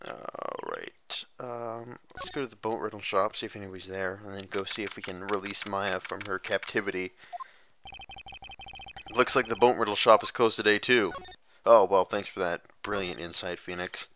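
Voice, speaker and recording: A man's voice: fairly low pitch, fairly even intonation, normal speed, pushed and bright, slight background noise. A man giving casual let's play commentary in mumbled, self-mocking asides.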